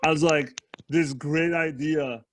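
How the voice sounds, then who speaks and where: A man co-hosting a casual gaming podcast, telling stories in a halting way full of fillers. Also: fairly high pitch, fairly even intonation, a little hiss or hum. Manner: halting, filler-heavy storytelling. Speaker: podcast co-host.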